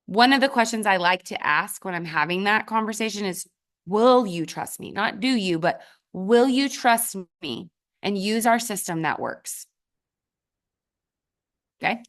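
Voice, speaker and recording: A woman and mother speaking as a guest trainer, giving a motivational sales talk in short, emphatic commands with sudden jumps in pitch for stress. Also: fairly bright tone. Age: adult with children. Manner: addresses the audience directly in short commands.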